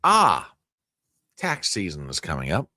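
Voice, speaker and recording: A man's voice: deep voice, wildly swooping pitch, measured pace, pushed and bright, no echo, studio quality. A man hosting a live news stream, joking with his chat in exaggerated mock outrage. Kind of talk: joking livestream commentary.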